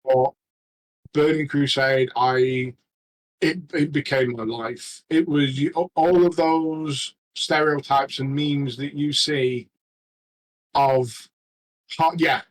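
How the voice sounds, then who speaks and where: A man chatting casually as a regular on a podcast, rambling and halting with many restarts. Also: medium pitch, steady tone, low-quality recording. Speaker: regular panelist.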